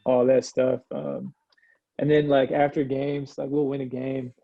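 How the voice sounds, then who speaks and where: A young man from Iowa speaks as a podcast guest, his voice gravelly with a husky edge. He talks in a loose, easygoing way, laughing often and filling gaps with slang. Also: medium pitch, little pitch movement, measured pace, no echo, narrow, tinny audio. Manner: laid-back, laughs often, lots of slang fillers. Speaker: guest, former college point guard. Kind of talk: casual podcast chat.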